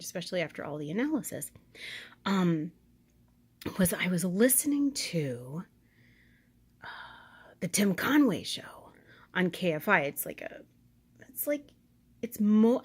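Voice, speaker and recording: A woman's voice: fairly low pitch, darkish tone. Chatty, skeptical woman vlogger. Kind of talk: casual monologue commentary.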